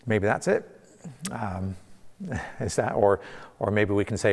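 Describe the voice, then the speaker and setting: A man's voice: on the low side, animated, moderate pace, creaky. A man preaching a conversational sermon as pastor, from Canada, with frequent restarts and fillers. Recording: long church reverb.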